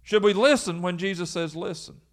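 A man's voice: high-pitched, moderate pace. A man preaching a sermon as pastor, emphatic and full of rhetorical questions.

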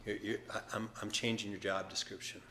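A man speaking as a gentle, firm Jesus. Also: flat delivery, brisk, a little hiss or hum. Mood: earnest. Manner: low, soft, earnest and direct. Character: gentle, firm male Jesus commissioning a disciple.

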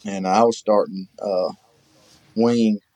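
A low-pitched man with a drawl spins rambling, folksy tales in relaxed conversation. His speech is full of fillers and restarts. The sound is close and dry, with no room around it. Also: slow pace, no echo, low-quality recording. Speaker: guest, hunting show host. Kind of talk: casual storytelling chat.

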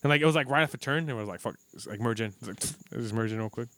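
A podcast co-host with a medium-pitched, fairly bright voice talks rapid-fire in casual chat. He's a profane, rambling storyteller who swears and acts out what people said.

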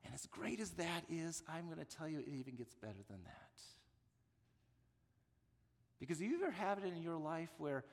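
A man's voice: a little high, creaky, big-room sound. A man preaching a sermon as pastor, speaking earnestly and often stumbling over and repeating words when moved.

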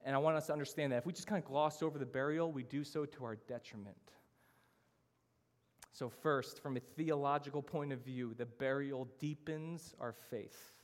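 A man's voice: mid-range voice, steady tone, moderate pace. A man preaching a sermon as pastor, earnest and emphatic, moving through his points in lists. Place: church hall. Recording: church sermon with long hall reverb.

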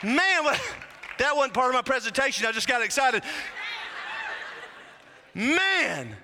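A man preaching a sermon, fervent and humorous, rising to shouted whoops. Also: very high voice, sing-song, slow pace, a crowd in the background, background noise. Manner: humorous asides to the congregation. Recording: long hall reverb.

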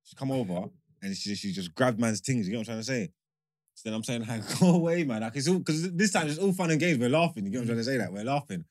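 A man, co-hosting a podcast and telling a story in casual chat, animated and full of repeated filler phrases. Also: mid-range voice, fast. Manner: animated, repeats "you know what I'm saying". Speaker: podcast co-host.

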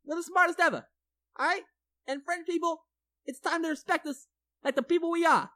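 Woman co-host, comedy podcast; very high voice, brash and boastful. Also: brisk, fairly bright tone. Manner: brash boastful banter, over-the-top. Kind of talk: mock trash-talk comedy podcast.

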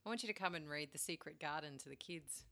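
A woman co-hosting a book chat who reads a folk tale aloud in a measured, clear way. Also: low-pitched, bright, forceful tone. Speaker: podcast co-host. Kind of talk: casual chat and storybook reading.

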